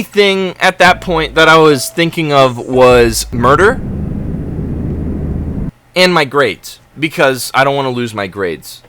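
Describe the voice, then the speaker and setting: A man's voice: medium pitch, animated, slow pace, a bit bright, faint music behind. A young man telling a story in an exasperated, dramatic and sarcastic rant. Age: young adult. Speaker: college student vlogger. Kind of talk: ranting storytelling vlog.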